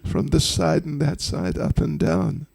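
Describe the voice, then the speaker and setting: A man tells a devotional story slowly and unhurriedly, his fairly high voice carrying a gravelly, creaky grain. He speaks as a spiritual teacher, tossing humorous, chatty asides to his listeners. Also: steady tone, darkish tone.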